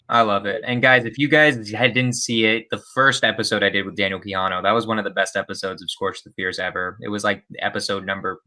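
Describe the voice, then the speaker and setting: A young man hosting a podcast interview, upbeat and energetic, often tagging his points with "right?". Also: lowish voice. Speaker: podcast host. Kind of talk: casual interview chat.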